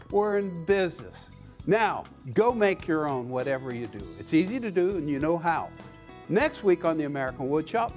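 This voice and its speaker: A man's voice: on the high side, a little mellow. A man hosting a woodworking show, demonstrating projects in a folksy, enthusiastic way. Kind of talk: instructional demonstration.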